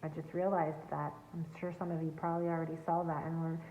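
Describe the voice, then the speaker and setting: Deep and mellow, with little pitch movement, a woman's voice moves quickly through an emphatic tarot reading for her viewers. The earnest spiritual coach speaks from home near a backyard, and the echoey, tinny, phone-like recording has a little hiss or hum.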